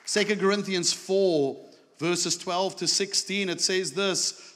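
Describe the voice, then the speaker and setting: A man preaching a sermon as pastor, telling a story with animated energy that rises into excited shouts. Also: high-pitched, a little slow. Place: church sanctuary. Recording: echoey church hall.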